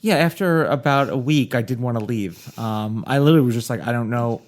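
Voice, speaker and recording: A man co-hosting a paranormal comedy podcast, talking in a rambling, halting way with lots of fillers. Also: medium pitch. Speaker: podcast co-host. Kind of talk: casual chat.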